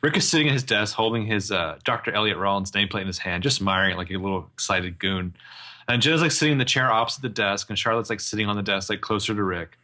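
A man's voice: fairly low pitch, quick pace, sharp tone. A man co-hosting a podcast, recapping a TV episode with wry, joking asides. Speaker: podcast co-host. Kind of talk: casual chat recapping a TV episode.

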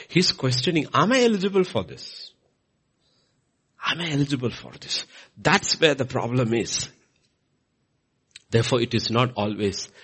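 A man preaching a sermon in a church, acting out scripture quotes with big swings in emphasis. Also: slightly rough. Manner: animated, swinging pitch and loudness for emphasis.

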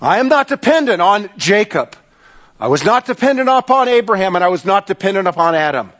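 A man's voice: high-pitched, sing-song, brisk, a bit bright, voice pushed up. A man preaching in the voice of God, an almighty eternal creator, proclaiming in a declamatory way.

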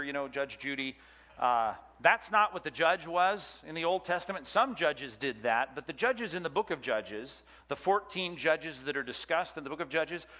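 Leading a Bible class as a lecture with audience questions, a man with a fairly high, sharp voice chats, cracks jokes and quizzes the room. His voice echoes with long hall reverb.

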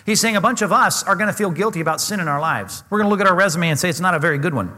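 A man's voice: sits high, expressive, very fast, pushed and bright, big-room sound. A man preaching a sermon, earnest and emphatic, often asking his listeners questions. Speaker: pastor.

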